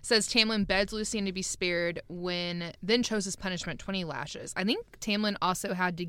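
A woman's voice: on the low side, moderate pace, a bit bright, clean tone. A woman co-hosting a podcast, laughing often as she recaps the plot in casual chat. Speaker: podcast co-host. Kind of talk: casual book discussion.

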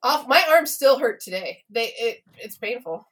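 A woman tells a story to her co-host in loose, casual podcast chat. Her voice sits a little high, and she laughs and swears as she acts out what everyone said. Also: lively intonation, normal speed, a bit bright, husky.

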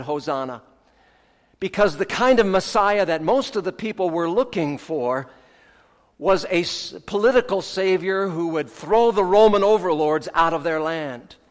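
A man preaching a sermon in a measured way, his phrases swelling with emphasis and then falling away at the ends. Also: a little high, long reverb tail. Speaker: pastor.

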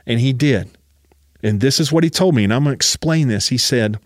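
A man's voice: medium pitch, animated, brisk, dry recording, studio quality. A man preaching a sermon as a personal story, emphatic and often urging his listeners to listen.

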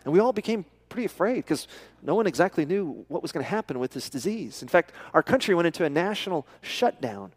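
Conversational middle-aged preacher, slightly high voice. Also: male voice, big pitch swings, fast talker, slightly rough. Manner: conversational, asks the congregation questions. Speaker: pastor. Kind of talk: sermon.

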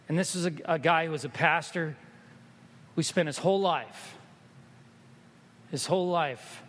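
Male pastor, high voice, sermon swinging from quiet story to loud exhortation, reverberant room. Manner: swings from hushed storytelling to loud, emphatic preaching.

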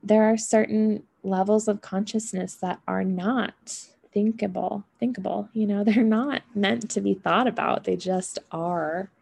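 Slow, gravelly-voiced woman musing aloud. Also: medium pitch, steady tone, a little mellow. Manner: unhurried, musing, often adds "right?" and "you know". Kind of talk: reflective monologue on emotions and healing.

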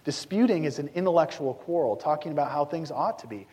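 A man preaching in a church sanctuary, his fairly high voice carried by a long hall reverb. He speaks earnestly and directly to the congregation, now and then acting out the words of biblical figures. It sounds like a live sermon. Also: lively intonation, fast, hardly any pauses, dark tone. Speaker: pastor.

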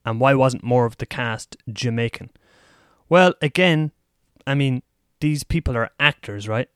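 A man's voice: medium pitch, unhurried, a bit bright, clear, resonant tone, no echo, clean studio sound. A man hosting a solo podcast, chatting casually and rambling about movies, laughing at himself now and then. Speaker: podcast host. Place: lives in Taiwan.

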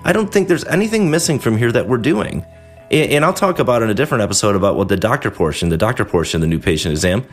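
A man with a fairly low voice talks shop with other dentists in a loose, conversational way. He gets animated and slips into quick impressions of patients and staff to make his points. Faint music plays quietly underneath. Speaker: podcast host, dentist. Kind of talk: casual instructional talk.

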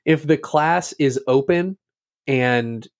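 A man in his middle register talks loosely and profanely in an easygoing chat. He gets animated when he tells a story, mimicking the people he quotes. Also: medium pitch, takes it slowly. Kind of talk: casual chat.

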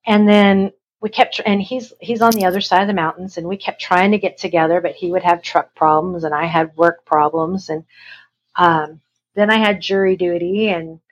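Husky-voiced woman telling a family story. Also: lowish voice. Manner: rambling, acts out quoted voices. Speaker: interview guest. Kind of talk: personal storytelling. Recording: dull lo-fi recording.

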